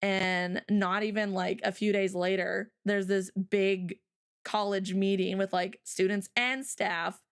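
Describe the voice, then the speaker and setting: A woman's voice: mid-range voice, flat delivery, takes it slowly, smooth. A woman hosting a livestream and telling a story, with lots of "like" and "um" fillers, often speeding up. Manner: chatty, full of "like" and "um" fillers, often speeds up and acts out her own past words. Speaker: streamer and host.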